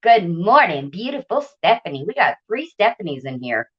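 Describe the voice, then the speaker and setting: A woman's voice: on the low side, sing-song, moderate pace, slightly rough, dull audio. A woman hosting a casual live stream from home, chatting and greeting viewers by name with frequent laughter. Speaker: livestream host. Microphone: tablet.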